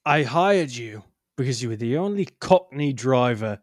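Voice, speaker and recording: A man's voice: mid-range voice, animated, dry recording, lightly acted. Guy doing a pushy boss man, leans in close, bossy, dry mic. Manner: bossy, conspiratorial, fast-talking. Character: gruff middle-aged male boss hiring a driver. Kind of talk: improvised comedy scene.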